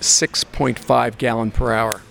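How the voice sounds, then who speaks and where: A man's voice: mid-range voice, level tone, a little slow, creaky, fairly bright tone. A man who owns and flies a small plane, giving matter-of-fact answers in an interview at an outdoor expo. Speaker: pilot and aircraft owner.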